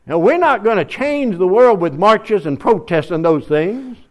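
A man preaching a sermon in a folksy way, building up to loud calls to his congregation. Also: high voice, animated, a little slow. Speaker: pastor.

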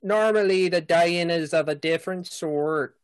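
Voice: mid-range voice, measured pace, dry recording, lightly acted. A game master voicing a male fisherman villager who drawls, rambles and loses his train of thought in a tabletop game. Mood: folksy.

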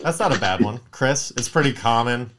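A man's voice: medium pitch, animated, normal speed, fairly bright tone, a little hiss or hum. Joking, foul-mouthed man in casual chat. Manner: profane, joking, acts out quoted people.

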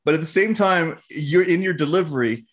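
A man's voice: fairly high pitch, a little fast. A middle-aged man co-hosting a casual rewatch podcast, bantering with good humor in an easygoing way. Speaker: podcast co-host.

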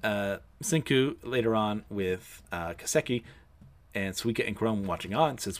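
A man with a noticeable lisp talks through an episode in a loose, chatty way, reading out characters' quotes. His pitch rises and falls freely as he goes. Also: animated, a little slow. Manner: chatty, self-deprecating, laughs between lines. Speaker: anime episode recapper. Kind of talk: casual episode recap, reading character lines aloud.

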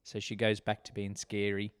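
A man's voice: fairly low pitch, monotone, moderate pace, clean tone, no room sound. A man chatting casually and making wry jokes while watching a movie with a friend. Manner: wry, joking asides. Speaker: movie commentator. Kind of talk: casual movie commentary chat.

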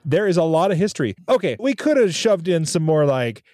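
Higher-voiced man hosting a podcast. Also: sing-song, a little fast, darkish tone, dry recording, studio quality. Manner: wraps up, previews next episode. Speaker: podcast host. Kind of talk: casual chat.

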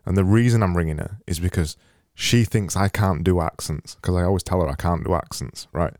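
A man's voice: low-pitched, fairly quick, a little mellow, dry recording, clean studio sound. A man hosting a casual podcast, chatty and teasing, often repeating himself as he talks. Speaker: podcast host. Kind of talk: casual chat.

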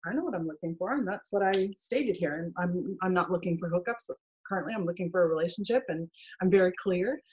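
A middle-aged woman in a casual interview, telling her stories in a lively way and acting out the quoted lines. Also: lowish voice, fast, slight background noise, low-quality recording. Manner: animated storytelling, acts out quoted dialogue. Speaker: guest, dating and healing coach.

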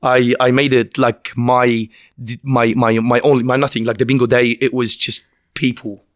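A man from Lebanon with a Lebanese accent, a guest telling his story in a casual interview, animated, laughing often and restarting his sentences. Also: mid-range voice, moderate pace.

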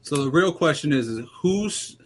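A man's voice: a little high, lively intonation, moderate pace, breathy edge. A man joining a casual podcast chat, joking and swearing as he talks. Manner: jokey, swears, laughs while talking.

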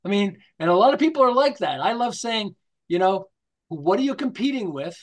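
A man's voice: high voice, sing-song, a little fast. An older man talking as an interview guest, telling stories animatedly, acting out quotes and often checking in with "okay?". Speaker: marketing guest. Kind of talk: storytelling interview talk.

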